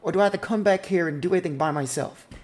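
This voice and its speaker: A woman's voice: fairly low pitch, rapid-fire, a little mellow, pitched above the performer's own voice, lightly acted. A game master voicing a stern older sister who runs a shop and lectures her younger siblings in an exasperated tone.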